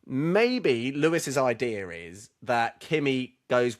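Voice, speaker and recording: A man co-hosting a casual racing podcast, calmly laying out his theories at length. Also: mid-range voice, normal speed. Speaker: podcast co-host.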